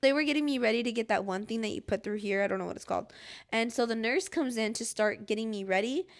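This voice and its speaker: A woman's voice: a little high, quick pace, vocal fry. A young woman hosting a podcast, telling a personal story in casual, rambling chat full of "like". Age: young adult. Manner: rambling, fills every phrase with "like"; acts out her own past cries and pleas. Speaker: podcast host.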